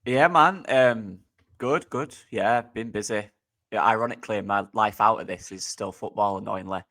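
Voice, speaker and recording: Low-voiced upbeat football coach. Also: male voice, normal speed, pushed and bright. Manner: upbeat, chatty, says mate a lot. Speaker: football coach and podcast co-host. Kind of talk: casual football podcast chat.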